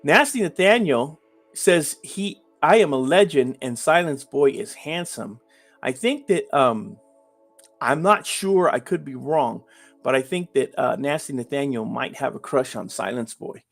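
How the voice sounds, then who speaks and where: A man's voice: medium pitch, animated, measured pace, vocal fry, a bit bright, soft background music. A man hosting a live stream, ranting emphatically with repeated phrases and joking banter with chat. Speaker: livestream host. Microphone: webcam framed at the beard.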